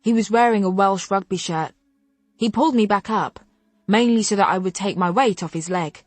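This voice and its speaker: A woman narrating a contemporary novel in first person, telling it in an expressive, wry way on a close studio mic. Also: medium pitch, moderate pace, dry recording. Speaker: audiobook narrator.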